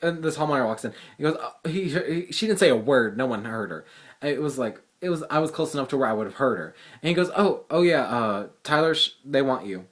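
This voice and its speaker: Teenage boy, vlog rant, casual storytelling, exasperated, swears a lot, mid-range pitch. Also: fast talker. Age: teens. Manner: exasperated, profane, lively retelling. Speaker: vlogger, high school student.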